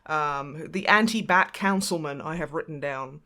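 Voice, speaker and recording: A woman co-hosting a podcast, chatting casually and giggling as she retells film scenes in quick asides. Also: deep voice, pushed and bright. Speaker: podcast co-host. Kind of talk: casual movie recap chat.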